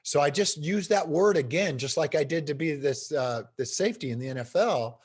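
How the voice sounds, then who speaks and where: A middle-aged man telling stories as an interview guest, animated and emphatic. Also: fairly high pitch, moderate pace, slightly rough. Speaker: guest speaker. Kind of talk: storytelling in a podcast interview.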